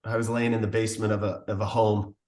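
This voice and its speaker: Man telling his story on a podcast, earnest, kinda low voice, echoey room. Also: flat delivery, fast, a little mellow. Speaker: podcast guest. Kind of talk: personal testimony.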